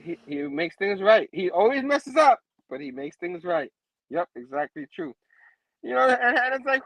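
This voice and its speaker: High-voiced, chuckling male show host. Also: very animated, normal speed, fairly bright tone, no echo, dull audio. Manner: laughs often, keeps saying "you know what I mean". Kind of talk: casual comic book review chat.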